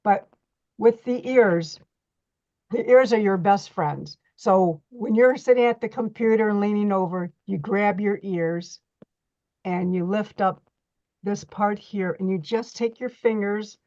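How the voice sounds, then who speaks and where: A woman's voice: medium pitch, a little slow, mellow, highs cut off. A middle-aged woman teaching an online reflexology workshop, chatty, often repeating and restarting her words.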